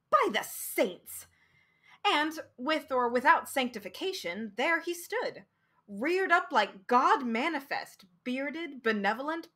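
A woman reading a short story aloud as a storyteller and streamer, expressive, with dramatic pauses. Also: on the high side.

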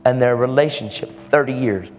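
A man's voice: mid-range voice, normal speed, darkish tone, a little hiss or hum. A man preaching a storytelling sermon in an earnest, casual way, often repeating his words. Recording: echoey hall with faint music.

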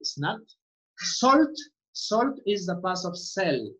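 A woman's voice: mid-range voice, very animated, slow pace, fairly bright tone. A woman English teacher giving a class, repeating words and often asking "okay?" to check understanding. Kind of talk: online class instruction. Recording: muffled lo-fi audio.

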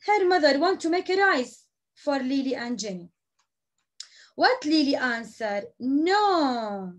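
Lady teacher, high voice, slow and patient with little kids. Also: very animated. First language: Arabic. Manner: repeats words slowly, switches into Arabic to explain. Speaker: English teacher. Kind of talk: classroom lesson for young children.

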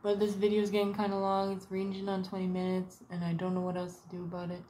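A woman's voice: medium pitch, completely flat delivery, fast, dark tone, slight background noise. A woman talking to camera in a rambling, profane vlog monologue, drifting between topics and slipping into little put-on voices. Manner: profane, wandering, puts on voices in quotes. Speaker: vlogger. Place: sitting at home.

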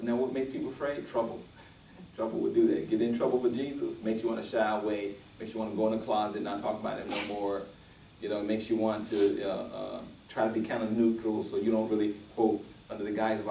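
A man's voice: mid-range voice, mellow, reverberant, distant mic, a little hiss or hum, rough recording. A male pastor preaching a sermon, restarting often and building to emphatic, rising peaks.

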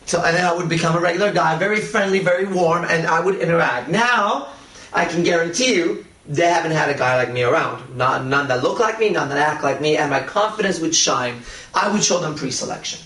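A man lecturing on dating with a cocky, swaggering delivery and a casual habit of swearing. His voice sits a little high for a man. It is recorded from a distance in an echoey room. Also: a little fast, sharp tone. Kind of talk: lecture with anecdotes. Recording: roomy echo, voice from a distance.

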